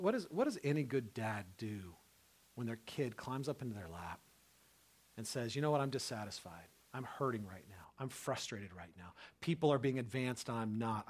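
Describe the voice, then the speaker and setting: A man preaching a sermon, talking in a conversational way with frequent "right?", who swings from loud rising outbursts to soft hushed tenderness. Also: mid-range voice. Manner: conversational, repeats words and asks "right?" often. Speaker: pastor.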